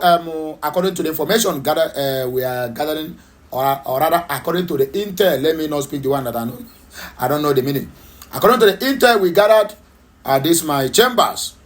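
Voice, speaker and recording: A man's voice: fairly high pitch, fairly bright tone. Emphatic Nigerian man with rhetorical questions. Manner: emphatic and repetitive, hesitant fillers, rhetorical questions. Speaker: political talk show host. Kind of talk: impassioned political commentary.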